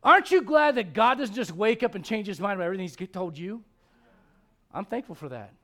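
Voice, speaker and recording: High-voiced joking preacher. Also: male voice, a little fast. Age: middle-aged. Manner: animated, joking, swings from loud to hushed. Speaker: pastor. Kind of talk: sermon. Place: church.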